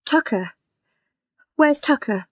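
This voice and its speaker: A woman's voice: high-pitched, animated, slow, no echo, voice pushed up. A woman voicing a frightened, injured young man in a storybook reading, speaking in a pleading, fearful way.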